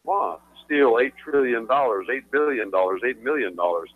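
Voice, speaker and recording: A man's voice: medium pitch, lively intonation, normal speed, dry recording. A man, an attorney guest on a radio talk show, explaining his views in an emphatic, lecturing way and repeating phrases for stress. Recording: tinny phone line, dry.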